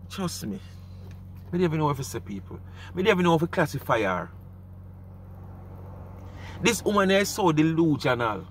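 A man's voice: a little high, pushed and bright, slight background noise. A man with a Jamaican accent speaking patois, hosting casual commentary in an emphatic, repetitive way. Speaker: commentary channel host.

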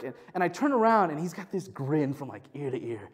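A man in his thirties, a pastor preaching a sermon, telling stories with lively acted-out quotes and dropping to a soft, low voice for scripture readings. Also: fast talker, hardly any pauses, slightly rough. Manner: animated storytelling, acts out quotes with big pitch jumps.

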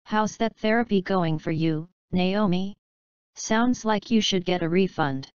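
A woman reading the part of an indignant, sarcastic man who has just died, speaking loudly and snippily. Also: fairly low pitch, a little slow, clear, resonant tone, dry recording, lo-fi sound, close to an everyday voice. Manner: loud and snippy.

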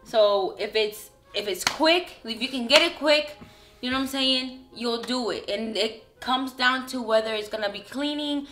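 A woman's voice: on the high side, moderate pace, a bit bright, faint music behind. A young woman with a Spanish accent, chatting sassily as a vlog co-host, laughing and slipping into Spanish. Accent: Spanish-accented English. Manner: sassy, laughing, switches into Spanish. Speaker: vlogger co-host. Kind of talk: casual couple reaction chat.

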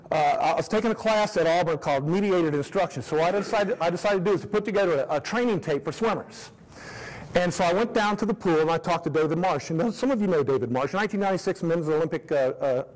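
A man's voice: high-pitched, low-quality recording. A middle-aged man, a swim coach, earnestly telling stories and laying out his philosophy to a room of parents, repeating key phrases for emphasis. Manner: earnest, storytelling, emphatic repetition.

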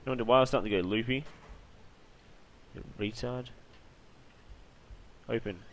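A man giving loud, jumpy, swearing commentary while playing a horror game. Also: mid-range voice, normal speed, slight background noise. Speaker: gaming YouTuber.

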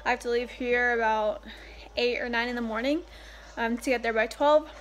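A woman's voice: on the high side, fairly even intonation, normal speed, a little hiss or hum. A young woman talking casually and upbeat in a home vlog, recorded at home. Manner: chatty, upbeat, scolding the dog in between. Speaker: vlogger. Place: at home indoors.

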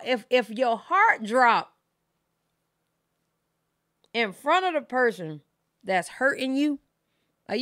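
A woman's voice: mid-range voice, fairly bright tone, dry recording, clean studio sound. A woman in her thirties, hosting her channel and telling her viewers a candid, emotional personal story in casual, profane speech. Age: 30s. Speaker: reaction channel host.

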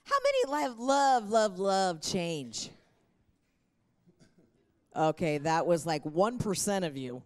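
A woman's voice: fairly low pitch, very animated, moderate pace, few pauses. A middle-aged woman preaching a sermon in an earnest, encouraging way. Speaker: pastor.

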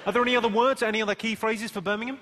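A man doing stand-up crowd work on a theatre stage, deadpan and mocking with quick comebacks. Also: high-pitched, noisy background. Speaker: stand-up comedian. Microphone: stage microphone. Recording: live theatre recording with loud crowd laughter. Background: loud audience laughter.

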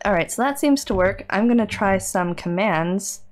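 A woman's voice: medium pitch, animated, normal speed. A woman streamer and librarian in casual live-stream chat while gaming, chatty, laughing often and reading chat aloud.

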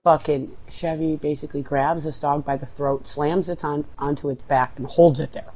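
A man's voice: fairly high pitch, steady tone, normal speed, dull audio. Foul-mouthed man telling a rambling story. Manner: swears constantly, loud outbursts when losing. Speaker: co-player. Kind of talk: casual gaming chat.

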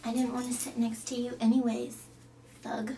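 A woman's voice: on the high side, little pitch movement, moderate pace, warm tone, far from the mic, close to an everyday voice. A woman voicing a snooty, whiny preppy valley girl. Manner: whiny, bratty.

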